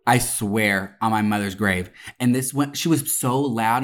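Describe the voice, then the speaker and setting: A woman casually telling a wild story, profane and animated, with frequent laughter and swearing. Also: a bass voice, a little slow, few pauses.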